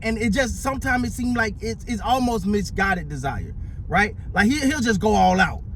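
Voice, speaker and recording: A man giving casual, animated sports commentary, often stumbling over and repeating his words. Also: high voice, normal speed, a little hiss or hum.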